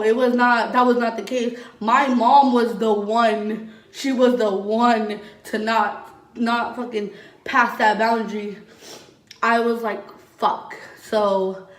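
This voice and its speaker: A young adult woman vlogger telling her own story in casual, candid talk, swearing often and saying "like" a lot. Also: a little high. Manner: candid and blunt, heavy use of "like" and swearing. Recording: echoey room, voice from a distance.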